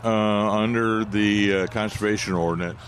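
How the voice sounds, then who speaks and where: A man co-hosting a radio call-in garden show, explaining in a halting way with many restarts. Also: lowish voice, fairly even intonation, a little hiss or hum. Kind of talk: casual call-in radio chat.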